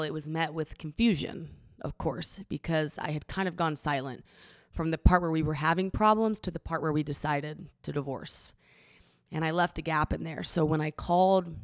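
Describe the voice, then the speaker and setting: A young woman from Oklahoma hosting a podcast, telling a personal story in a halting, vulnerable way, full of restarts and fillers, close to tears. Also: sits low, no room sound. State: emotional, near tears. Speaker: podcast host. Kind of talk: personal confessional monologue.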